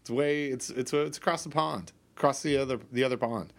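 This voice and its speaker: A man's voice: mid-range voice, fairly quick, gravelly. Rambling, stammering man chatting casually. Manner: rambling, self-interrupting, playful. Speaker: podcast co-host. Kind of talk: casual chat. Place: office.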